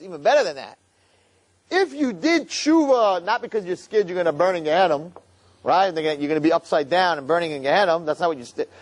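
Animated, slightly high-voiced male preacher. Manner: animated, acts out scenes, repeats for emphasis. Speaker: religious speaker. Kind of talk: sermon.

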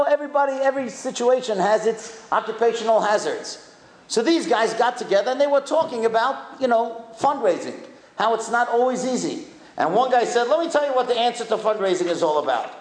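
A man giving an animated sermon, telling stories and swinging from high excited calls to low solemn tones. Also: reverberant. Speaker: rabbi giving a talk.

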